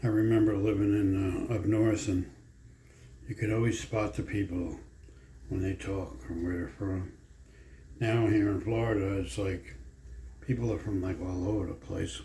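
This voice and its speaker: In a home vlog, a man with a low, warm voice chats at a moderate pace with fairly even intonation, drifting folksily between stories. The echoey room carries faint ambience and slight background noise.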